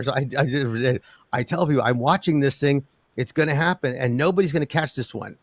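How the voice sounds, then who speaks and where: An older man, a guest in an interview talking about metals markets, who rambles with an animated delivery, many restarts and laughs. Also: mid-range voice, normal speed, no room sound. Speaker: precious metals commentator.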